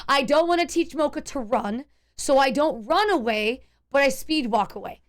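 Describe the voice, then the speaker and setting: A woman streamer telling her chat a tense story in a casual, animated way, full of restarts and fillers. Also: high voice, normal speed.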